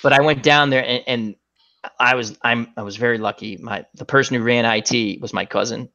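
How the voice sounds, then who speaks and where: A man's voice: medium pitch, fairly even intonation, a little fast, sharp tone, highs cut off. A middle-aged man hosting a casual chat show, telling joking stories and acting out the people in them. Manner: joking storyteller, acts out voices in anecdotes. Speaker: host.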